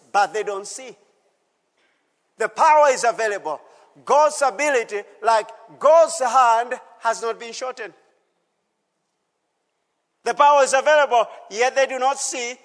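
A man's voice: extremely high pitch, a little slow, pauses often. A male pastor preaching a sermon with call-and-response, exhorting the congregation and repeating his phrases in a church service. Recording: long reverb of a church hall.

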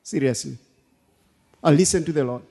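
A man preaching a sermon as pastor, animated, laughing and repeating himself for emphasis. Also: fairly high pitch, normal speed, gravelly, slightly rough. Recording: long hall reverb.

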